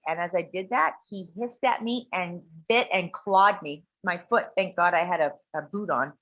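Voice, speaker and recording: Bright-voiced woman swearing through a story. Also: on the low side, normal speed, hardly any pauses, low-quality recording. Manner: profane and animated, acts out voices. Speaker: guest sharing a personal story. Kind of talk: casual storytelling chat.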